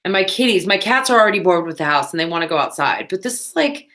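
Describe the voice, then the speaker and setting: A woman's voice: lowish voice, expressive, fast, fairly bright tone. A woman, chatting casually on a crafting livestream, with playful asides.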